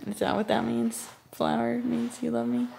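Chatty young woman with a gravelly voice. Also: on the high side, level tone, normal speed, dark tone. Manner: chatty, laughs easily, playful teasing. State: pregnant, tired. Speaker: vlogger and mother of two toddlers. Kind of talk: casual home vlog chat. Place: family home kitchen. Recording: noticeable background noise, clicks.

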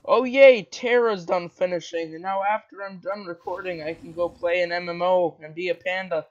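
A man's voice: high-pitched, fairly even intonation, normal speed, muffled recording. A man teasing his friend while gaming, with sudden playful yelps. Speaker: gamer co-host. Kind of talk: casual gaming chat.

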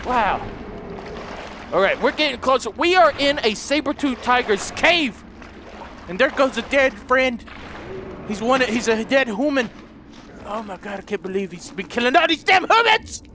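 A man doing let's play commentary, excitable and swearing, talking to his viewers and shouting at the game. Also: very high voice, noisy background. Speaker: gaming video host. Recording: game sounds loud behind the voice.

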